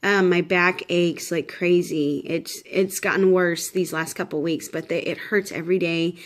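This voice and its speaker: This vlogger's voice sits on the low side, steady in tone and a little slow. She's a woman in her thirties giving a casual pregnancy update to the camera, rambling with lots of fillers and false starts, weary and slightly unsteady.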